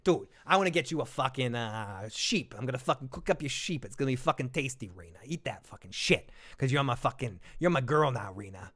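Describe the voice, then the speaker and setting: A man's voice: medium pitch, animated, fairly quick, few pauses, a bit bright. A man doing a swaggering Boston dragon. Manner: profane, swaggering, rambling. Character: brash swaggering dragon dude. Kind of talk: mock impression in a live stream.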